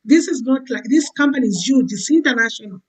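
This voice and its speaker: Sex: woman. Role: guest giving a testimony. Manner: chatty, many fillers. Pitch: somewhat high. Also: expressive, fast talker, husky, poor audio. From Zambia. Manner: warm, filler-heavy, keeps saying "you know". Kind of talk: testimonial chat.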